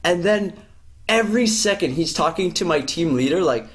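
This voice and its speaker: This podcast host has a high voice and a moderate pace. He's chatting casually, spinning a lively workplace tale and cursing without restraint.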